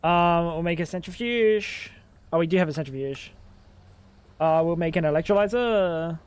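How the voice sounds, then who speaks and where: A man's voice: a little high, moderate pace, clean tone. Profane, rambling male game streamer. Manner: rambling, profane, thinking aloud. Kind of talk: casual livestream chat while gaming.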